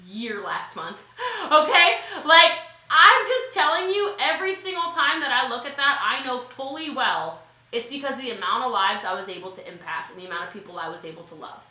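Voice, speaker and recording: A woman from rural Maryland giving a chatty, animated motivational talk as a network marketing coach, laughing and saying "like" and "okay" a lot, a little teary. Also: a little high, echoey room, low-quality recording. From Frederick County, Maryland. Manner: animated, laughing, swings from loud to soft. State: teary, eye watering. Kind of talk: casual motivational talk to camera.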